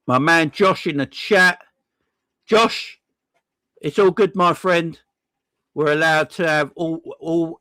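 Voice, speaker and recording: Man, livestream host, casual chat, effusive, excitable, mid pitch, dry sound. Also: dry recording. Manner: excitable, effusive, slangy thanks.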